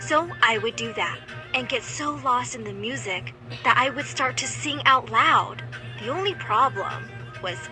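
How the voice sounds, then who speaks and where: A woman voicing a teenage girl who narrates her own animated story about dreaming of rock stardom, in an earnest, expressive way. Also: on the high side, a little slow, music in the background. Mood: determined. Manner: earnest, expressive first-person telling.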